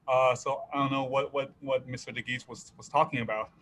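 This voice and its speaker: Halting man with a bright voice. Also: mid-range voice, level tone, slight background noise, low-quality recording. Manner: halting, many fillers and restarts. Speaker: public commenter. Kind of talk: public comment.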